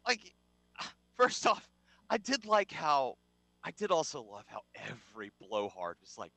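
A man's voice: fairly high pitch, huge pitch swings, a little slow, creaky, pushed and bright, dry recording. A man co-hosting a casual sports talk show, wry and sarcastic, rambling through his points. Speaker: sports radio co-host.

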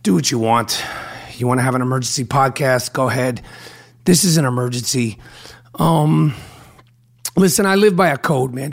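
Gravelly, brash man hosting a podcast. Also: mid-range voice, normal speed. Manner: brash and profane, rambling with fillers. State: hoarse from a throat problem. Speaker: podcast host. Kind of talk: casual podcast monologue with host-read ad.

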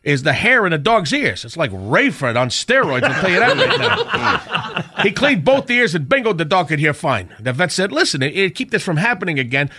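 A man's voice: high voice, wildly swooping pitch, bright, forceful tone, slightly rough, exaggerated voice. A man doing a corny old stand-up comic. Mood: brash joking. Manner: rapid joke-telling, laughs at own punchlines. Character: corny older male stand-up comic, cheerful. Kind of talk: radio comedy stand-up bit.

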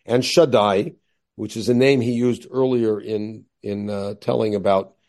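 Gravelly-voiced man giving a Bible lecture. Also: fairly low pitch, steady tone, darkish tone. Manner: explanatory, asks rhetorical questions and answers them; reads Hebrew verse slowly, then explains quickly. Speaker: rabbi teaching Torah.

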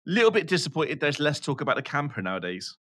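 Bright-voiced joking man. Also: on the high side, very animated, quick pace. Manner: jokey, easily amused banter. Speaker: podcast co-host. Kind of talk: casual motocross chat.

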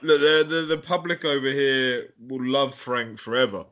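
A man's voice: medium pitch, moderate pace, sharp tone. A man from England interviewing a guest in a friendly, easygoing way. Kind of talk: casual interview chat.

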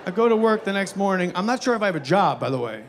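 A man doing stand-up comedy, telling a story in a profane, animated, self-mocking way. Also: sits high, quick pace, noisy background.

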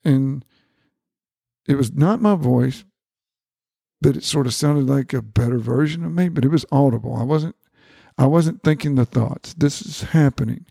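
Middle-aged male guest, gravelly and mellow, earnest storyteller who acts out quoted dialogue; dry close sound. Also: moderate pace, no echo. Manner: repeats words, quotes dialogue with rising pitch. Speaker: guest, family doctor.

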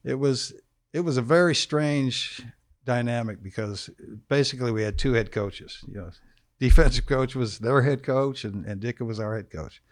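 A man's voice: medium pitch, normal speed, no echo. A man in his sixties telling laid-back, wry stories as a guest in a studio. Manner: laid-back, wry, trails off in long anecdotes. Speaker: guest, former football quarterback. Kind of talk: casual storytelling.

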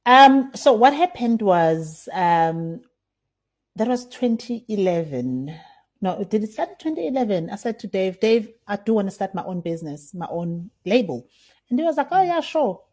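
A middle-aged woman from South Africa talks through her career in a relaxed interview. Her voice is mellow and warm, and she brightens into animated retellings of old conversations. The pitch sits in a comfortable middle range. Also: moderate pace. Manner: animated, acts out remembered dialogue with laughs. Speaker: winemaker, guest. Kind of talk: casual interview storytelling.

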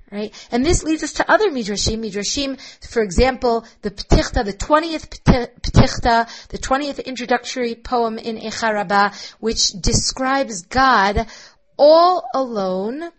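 A woman's voice: fairly high pitch, poor audio. A woman lecturing on rabbinic texts, reading Hebrew passages aloud and translating them line by line, thoughtful and full of restarts. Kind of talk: recorded lecture.

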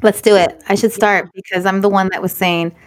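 A woman co-hosting a podcast in casual chat, talking fast in an earnest way. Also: mid-range voice, steady tone. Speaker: podcast co-host.

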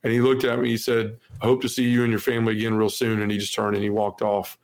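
Speaking quickly in a lowish monotone, a forties-aged man on a podcast recounts his personal testimony with sincerity. He leans on "you know" and voices the people he quotes.

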